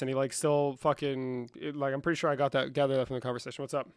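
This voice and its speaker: A man hosting a livestream in a casual, profane, slangy manner, saying "bro" a lot and swinging between low muttering and loud outbursts. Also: level tone, quick pace, smooth, no echo, studio quality. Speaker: livestream host.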